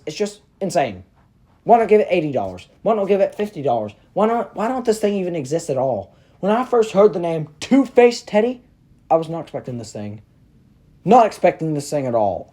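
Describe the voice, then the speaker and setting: A man hosting a casual review vlog, talking excitably and ranting with plenty of exaggeration. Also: high-pitched. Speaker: prop reviewer, channel host.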